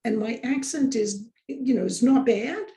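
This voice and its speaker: A woman's voice: fairly high pitch, measured pace, mellow. A woman teaching a course, chatting casually on a video call in a rambling way with lots of fillers. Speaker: course instructor. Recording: roomy echo.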